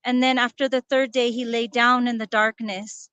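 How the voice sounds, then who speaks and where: A woman guest in a conversational interview, speaking earnestly and softly about a personal loss. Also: fairly high pitch, flat delivery, normal speed, smooth, dry recording. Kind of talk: casual interview, telling a personal story.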